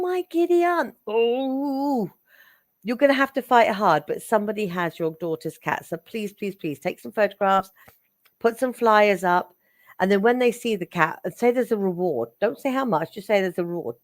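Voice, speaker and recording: A woman giving psychic readings on a live stream, chatty and affectionate, getting excitable and calling viewers darling. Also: fairly low pitch, no echo, clean studio sound. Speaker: psychic reader.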